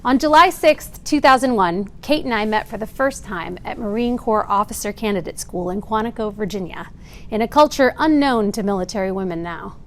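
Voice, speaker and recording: A woman's voice: mid-range voice, moderate pace, a bit bright. A woman in her forties, a Marine veteran, reading a prepared speech earnestly with occasional dry, wry asides. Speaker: Marine veteran giving testimony. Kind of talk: prepared speech read aloud.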